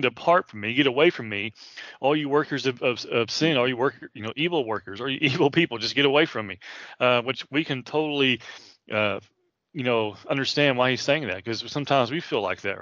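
In his late thirties, a man teaches from a Bible passage, earnest and chatty like a preacher, with lots of fillers and restarts. His middle-pitched voice is fairly bright in tone and sounds close and dry, without echo. The lo-fi recording is slightly dull.

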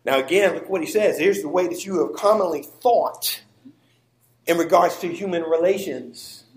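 Guy preaching w/ a high voice, punches his words, echoey church sound. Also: moderate pace. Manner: emphatic preaching with stressed words and call-and-response. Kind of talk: sermon.

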